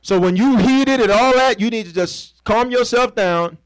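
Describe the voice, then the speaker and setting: In a very high-pitched voice at normal speed, a male preacher jokes his way through a sermon, acting out scenes and asking the congregation to complete his sentences in call-and-response fashion. There's no room sound, and the audio is poor.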